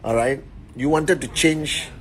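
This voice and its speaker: A man hosting a motivational live stream on his phone indoors, greeting viewers warmly and giving shout-outs. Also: medium pitch, measured pace, slight background noise. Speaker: network marketing leader.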